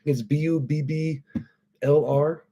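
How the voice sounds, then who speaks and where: A middle-aged man chats casually on a live podcast, voice sitting a bit high for a man. He rambles and swears freely through his stories, drink in hand. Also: steady tone, slow pace, dark tone. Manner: profane, rambling storyteller; drinking a cocktail while talking. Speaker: podcast host. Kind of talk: casual live-stream chat.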